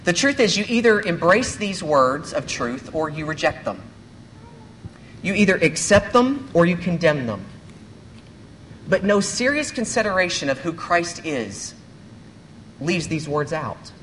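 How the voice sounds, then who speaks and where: A man serving as a pastor, giving a sermon to a church congregation in an earnest, measured way, often posing rhetorical questions. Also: a little high, big pitch swings, fairly bright tone, a little hiss or hum.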